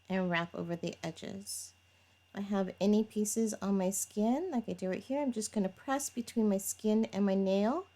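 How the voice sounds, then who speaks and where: A woman talks through a manicure at an unhurried, easy pace. She is chatty and explains each step as she works. Now and then she laughs at her own fumbles. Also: medium pitch, darkish tone. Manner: chatty, talks while working, laughs at herself. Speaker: nail tutorial vlogger. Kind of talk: casual step-by-step demonstration.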